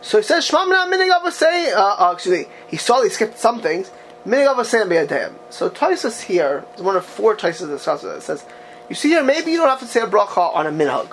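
High-voiced man teaching a text class. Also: brisk, a little hiss or hum. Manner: animated, asks the class rhetorical questions, reads texts aloud. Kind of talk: text-study lecture to a class.

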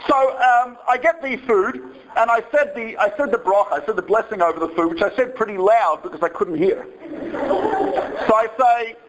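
A man's voice: high-pitched, a little fast, few pauses, poor audio. A man giving a humorous talk, animatedly telling anecdotes and acting out the voices in them. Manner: animated storytelling, acts out voices.

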